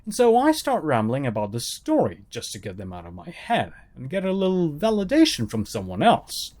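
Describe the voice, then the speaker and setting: A man's voice: on the high side, wildly swooping pitch, moderate pace, darkish tone. A man reading a first-person horror story aloud, dramatic and sarcastic in his delivery. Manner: dramatic, sarcastic, swooping intonation.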